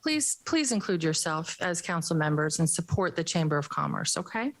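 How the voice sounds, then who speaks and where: A woman's voice: sits low, big pitch swings, normal speed, poor audio. A middle-aged woman making chatty announcements at a council meeting and pleading for council members to show up to events. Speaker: chamber of commerce representative. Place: city council chamber.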